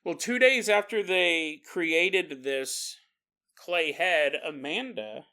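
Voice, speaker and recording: A man's voice: a little high, slow, sharp tone. A man hosting a podcast, telling a story in a jokey, casual way, acting out quoted voices and laughing often. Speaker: podcast host.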